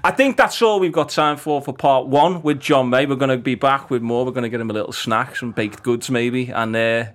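A man's voice: mid-range voice, fairly quick, hardly any pauses, a bit bright. A man hosting a casual interview, asking rambling questions and teasing his guest. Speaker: podcast host.

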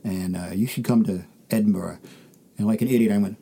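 A man's voice: lowish voice, steady tone, brisk, vocal fry, mellow, husky. A man from the United States, a comedian guest, telling stories in a casual interview and acting out the voices of people he quotes. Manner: dry storytelling, acts out quoted voices.

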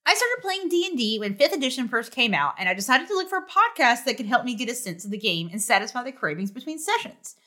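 A woman's voice: on the high side, very animated, fast, hardly any pauses, pushed and bright. A woman on a gaming podcast reading fan messages in a bubbly way, laughing often. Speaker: podcast cast member. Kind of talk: casual chat, reading listener messages.

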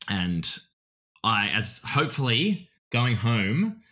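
Deep-voiced Australian guy, bright tone, loose chatty podcast guest who laughs a lot. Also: big pitch swings, slow. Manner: chatty, laughs often, rambling. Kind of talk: casual chat.

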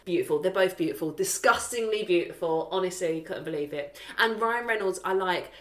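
A woman's voice: on the low side, brisk, fairly bright tone, echoey room. A woman, co-hosting a podcast, gushing in casual chat and swearing freely. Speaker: podcast co-host.

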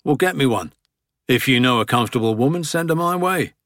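A man's voice: mid-range voice, animated, brisk, a bit bright, dry recording, voice pushed up, lightly acted. A man playing a weary, middle-aged royal minister in an audiobook, with dry, tired humour. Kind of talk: audiobook character reading.

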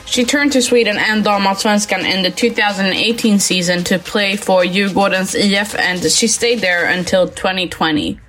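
A woman's voice: medium pitch, moderate pace, few pauses, a bit bright, soft background music. A woman hosting a sports podcast, upbeat and friendly, reading a guest's career introduction. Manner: upbeat and friendly, reads player bio. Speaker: podcast host. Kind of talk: podcast interview, partly read intro.

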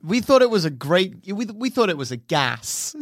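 A man's voice: sits high, sing-song, normal speed, a bit bright, no echo, studio quality. A young Australian man chatting casually as a podcast co-host, enthusiastic, laughing often and swearing freely. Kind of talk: casual chat.

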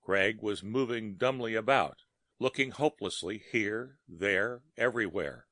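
A man narrating a story in a measured, dramatic reading. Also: on the low side, sharp tone, dry recording, clean studio sound.

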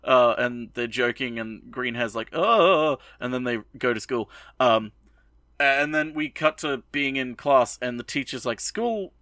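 A young man co-hosting a podcast, recapping an anime episode in a rambling, profane way and tossing in quick bits of mock dialogue. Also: mid-range voice, pushed and bright, no room sound, studio quality. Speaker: podcast co-host.

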